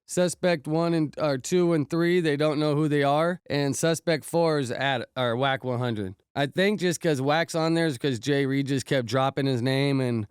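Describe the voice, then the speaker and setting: A man's voice: medium pitch, clean tone, no echo, studio quality. A married man with kids telling a story in a casual, slangy, profane way and saying "bro" a lot. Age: adult, married with kids. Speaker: podcast host recounting an incident.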